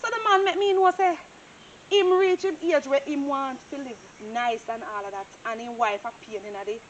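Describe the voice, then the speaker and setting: A woman plays a nosy property surveyor in a Jamaican film, quick to gossip and tell stories in animated Patois. Her voice is high, with a faint hiss behind it. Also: lo-fi sound, close to an everyday voice. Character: nosy, chatty young female property surveyor. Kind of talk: Jamaican stage-style movie acting.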